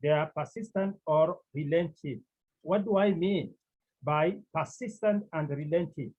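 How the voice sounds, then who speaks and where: Male Greek teacher with a slightly high, husky voice and a slow, repetitive classroom delivery. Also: darkish tone. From Cameroon. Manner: slow, deliberate, repeats key words, clears throat often. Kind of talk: classroom lecture. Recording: dull lo-fi recording.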